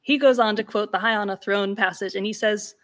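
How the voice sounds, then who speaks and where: A woman gives an academic lecture at a symposium. Her voice sits at a middle pitch, and she explains each point patiently. She often restarts phrases and adds asides as she goes. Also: fairly quick, a bit bright. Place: symposium venue.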